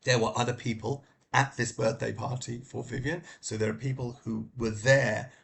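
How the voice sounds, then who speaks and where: A man's voice: mid-range voice, level tone, moderate pace, gravelly, a bit bright, slight background noise. A middle-aged man giving a casual spoken book review, hesitant and full of fillers and restarts.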